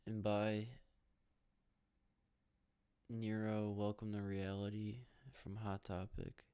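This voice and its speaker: A man's voice: lowish voice, monotone, takes it slowly, mellow, clear, resonant tone. A young man from the Side, hosting a podcast in a rambling, profane, joking monologue. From Chicago South Side. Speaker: podcast host.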